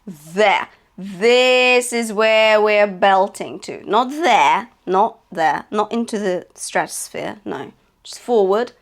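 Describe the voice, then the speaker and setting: Woman, vocal coach, singing lesson, encouraging, frequent check-ins. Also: mid-range voice. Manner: encouraging, checks in with "okay?" and "yeah?"; demonstrates sung notes between spoken instructions.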